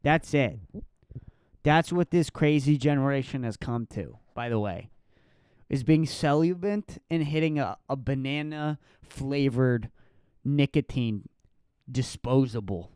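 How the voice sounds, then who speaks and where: A man in his twenties doing a solo comedic podcast rant, profane and mocking, sometimes jumping into a shrill voice to mimic others. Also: unhurried, long pauses, clean tone, no echo, studio quality. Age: 20s. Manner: profane, animated, mocking falsetto impressions.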